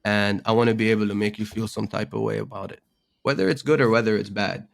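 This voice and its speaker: A man's voice: on the low side, steady tone, fast, vocal fry. A young man, a rapper, chatting casually as a podcast guest, dropping slang and laughing often. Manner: slangy, laughs often, says "bro" a lot. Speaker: rapper and content creator guest.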